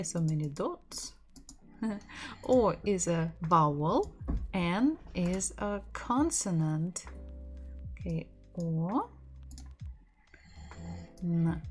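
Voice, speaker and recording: A woman's voice: mid-range voice, a little mellow. A woman teaching a language lesson in English, explaining patiently with restarts and little laughs. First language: Russian.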